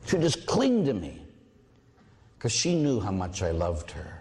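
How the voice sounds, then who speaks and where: A priest giving a sermon, telling a personal story with lively asides and acting out voices. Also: male voice, fairly low pitch, a little slow. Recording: long hall reverb.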